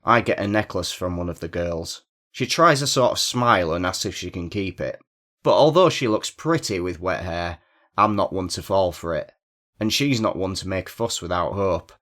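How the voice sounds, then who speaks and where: Deep-voiced man reading a crime tale. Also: expressive, moderate pace, fairly bright tone. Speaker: narrator. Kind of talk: first-person crime story reading.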